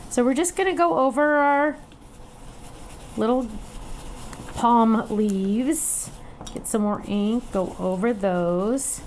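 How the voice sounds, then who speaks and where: A woman's voice: on the high side, slow, long pauses, a little mellow, slight background noise. Chatty woman teaching a craft class. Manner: chatty and upbeat, talks to viewers while working; laughs at herself, playful sound effects. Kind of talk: live online crafting demonstration.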